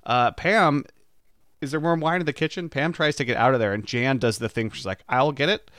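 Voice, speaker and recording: A man's voice: medium pitch, fairly quick, fairly bright tone, dry recording. Man, podcast co-host, eager casual storytelling, laughs mid-sentence, dry close sound. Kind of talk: casual chat.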